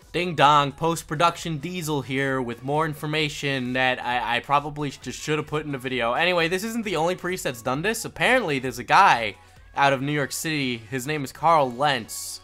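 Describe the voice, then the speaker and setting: A man's voice: on the high side, a bit bright. A man giving rambling, sarcastic comedic commentary, with self-deprecating asides. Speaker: YouTube commentator.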